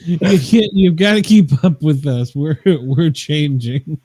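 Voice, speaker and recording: A man's voice: a little high, expressive, takes it slowly, warm tone, no room sound. A man hosting a casual podcast chat, teasing the others and laughing often. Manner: giggly teasing, laughs a lot.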